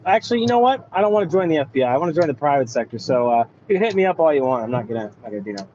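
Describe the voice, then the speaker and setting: A man in a casual voice chat, rambling and swearing excitably while driving. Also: a little high, very fast, lo-fi sound, slight background noise. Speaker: voice chat participant. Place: in a moving car.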